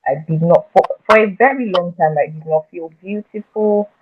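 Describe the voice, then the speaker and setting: A woman guest telling her own story in a conversation, halting and earnest, often restarting and repeating words. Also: fairly low pitch, a little hiss or hum. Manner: earnest and emotional when recounting her past. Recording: tinny phone-like audio.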